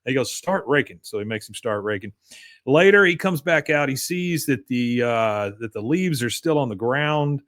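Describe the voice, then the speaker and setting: A man co-hosting a podcast, casually recapping an episode and acting out characters' lines in a higher voice. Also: lively intonation, moderate pace, fairly bright tone. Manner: retells scenes, acting out lines with raised pitch. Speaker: podcast co-host.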